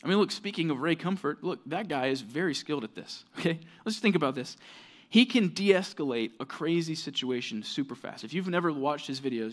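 A male pastor delivers a casual, heartfelt sermon, his voice sitting a bit higher than most men's. He talks as if chatting with the room, full of fillers and restarts, urging his points earnestly. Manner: conversational, earnest preaching with many fillers.

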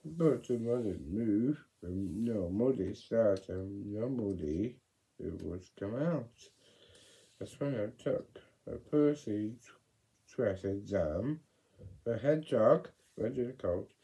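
Male storyteller for a kids' book; slow, lively delivery with big pitch swings and a mellow, dark tone. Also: poor audio. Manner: animated, with sudden loud exclamations and whispered asides. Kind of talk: reading a children's story aloud.

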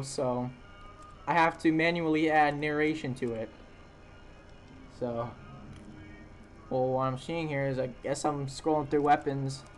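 A man's voice: a little high, a little hiss or hum. A young man casually narrating a recorded video game session, rambling and correcting himself as he goes. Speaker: gameplay narrator. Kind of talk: casual let's-play voice-over. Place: home room with dogs.

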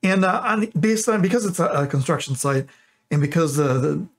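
A man's voice: fairly high pitch, lively intonation, normal speed. Rambling young man telling a joke. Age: 20s. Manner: rambling, self-correcting. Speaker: YouTuber.

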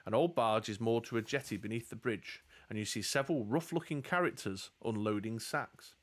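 A man's voice: medium pitch, brisk. A man reading a fantasy gamebook aloud as game master, with jokey asides. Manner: steady storytelling with jokey asides. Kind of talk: narrating a gamebook live play.

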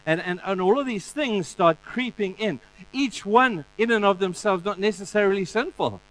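A male pastor preaching a sermon in an animated way, acting out the stories in different voices. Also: sits high, moderate pace, a little hiss or hum, low-quality recording.

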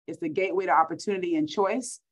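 A woman's voice: on the low side, fast talker, rough recording. A middle-aged woman from Texas with a Texan accent, a school superintendent giving an upbeat keynote speech over a video call, repeating words for emphasis.

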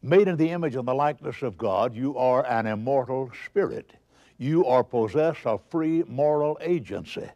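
A man preaching a televised sermon in an emphatic, animated manner, reading scripture aloud along the way. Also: medium pitch, moderate pace, highs cut off.

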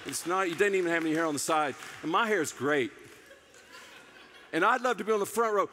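A man's voice: fairly high pitch, fairly quick, bright, forceful tone, big-room sound, a little hiss or hum. A man voicing a grumbling, self-important male church volunteer who whines and boasts about where he serves. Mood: boastful. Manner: whiny, boastful complaining.

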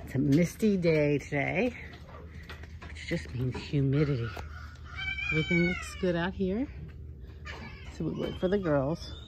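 At a fox sanctuary, a female caretaker coos and chats to the foxes in a sing-song pet voice while filming among outdoor enclosures. Her voice is low yet swoops wildly in pitch, with a measured pace, long pauses, and background noise.

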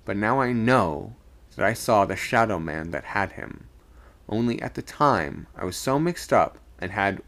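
A man reading a spooky story aloud on a live stream, raising his voice for the shouted lines. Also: fairly low pitch, gravelly.

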